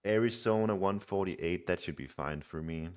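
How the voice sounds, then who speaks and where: A man's voice: sits low, normal speed, darkish tone, clear, resonant tone. A young man streaming a strategy game, chatting casually and reading viewers' messages aloud with easy laughs. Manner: chatty, reads chat aloud, laughs easily. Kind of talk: casual live game commentary.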